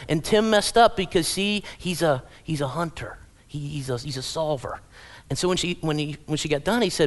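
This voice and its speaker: A man's voice: a little high, brisk. A man pastor preaching a sermon in a church auditorium, telling humorous stories and acting out quotes. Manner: humorous storytelling, acts out quotes.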